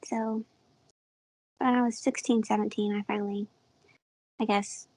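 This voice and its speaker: A woman in her thirties with a small, mouse-like voice, telling stories in a soft, breathy, giggly way as a podcast guest. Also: medium pitch, little pitch movement, measured pace, no room sound, poor audio. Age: 30s. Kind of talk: casual chat.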